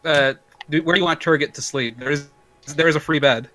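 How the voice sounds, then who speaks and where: Man, game master, tabletop narration, bright tone, faint music. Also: fairly high pitch, steady tone, a little fast.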